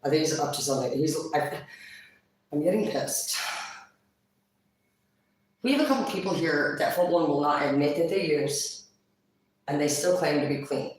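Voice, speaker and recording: A woman chatting casually on a livestream, blunt and profane, quick to laugh. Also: low-pitched, lively intonation, recorded from a distance. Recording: very echoey room, voice off-mic.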